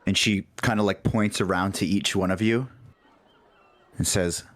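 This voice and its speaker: A man narrates a tabletop game as dungeon master, speaking over an online voice call. His delivery is loose and full of fillers, with a very deep voice and a slow, unhurried pace. The sound is dry and close. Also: fairly even intonation, fairly bright tone, no room sound.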